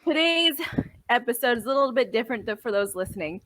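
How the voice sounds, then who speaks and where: A woman's voice: on the high side, expressive, fast, fairly bright tone, dry recording. A woman co-hosting a casual podcast chat over drinks, joking and giggling as she explains the rules of a game. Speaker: podcast co-host.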